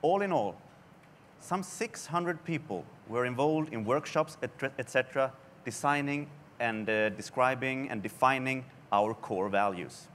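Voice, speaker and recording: Brief: male presenter, mid-pitched, deliberate, phrases trailing downward. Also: lively intonation, fairly bright tone, a little hiss or hum. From Sweden. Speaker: creative director, conference speaker. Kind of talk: conference presentation. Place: conference hall.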